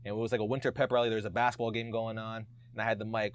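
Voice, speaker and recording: Animated young male podcast guest. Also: medium pitch, rapid-fire, hardly any pauses, clean tone. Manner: animated, acts out quotes, slangy. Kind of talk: casual storytelling chat.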